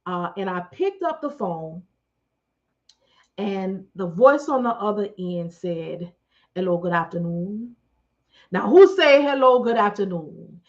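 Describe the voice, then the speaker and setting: A middle-aged woman telling a story casually on her livestream, chatty and animated, calling out questions to her viewers. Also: medium pitch, slow pace. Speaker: livestream host. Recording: dull lo-fi stream audio.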